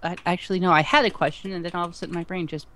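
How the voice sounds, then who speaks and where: A co-host in casual livestream chat over a voice call, halting and restarting sentences. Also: medium pitch, fairly even intonation, sharp tone.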